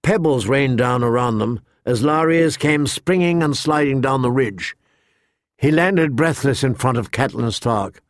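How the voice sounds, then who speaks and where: A man narrating a fantasy audiobook in an even, measured storytelling voice. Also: medium pitch, dry recording, clean studio sound. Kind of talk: scripted narration.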